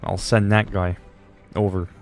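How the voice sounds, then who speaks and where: A man's voice: lowish voice, normal speed, faint music behind. A man chatting casually on a game livestream, rambling and swearing freely. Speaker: game streamer.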